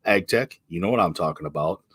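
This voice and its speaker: A man's voice: sits low, brisk, breathy edge, no room sound. A man hosting a casual livestream, greeting viewers by name and rambling with lots of ums and uhs. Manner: relaxed, rambling, many fillers and restarts. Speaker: livestream host. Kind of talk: casual live chat reading comments.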